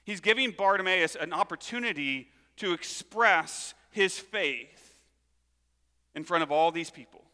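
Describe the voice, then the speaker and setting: Male pastor, animated sermon storyteller, bright tone, reverberant church hall. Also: sits high, a little slow, clear, resonant tone. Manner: animated storytelling, acts out voices.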